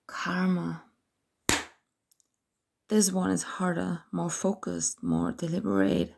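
Whispering woman, slow and gravelly. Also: fairly low pitch. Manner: soft breathy whisper, slow and intimate. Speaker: narrator of an erotic audio story. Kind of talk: whispered role-play.

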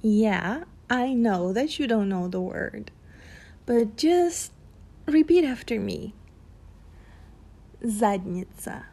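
Slow, teasing woman. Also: fairly high pitch, animated, creaky, mellow. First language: Russian. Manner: teasing, playful, giggly. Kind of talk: flirty audio role-play.

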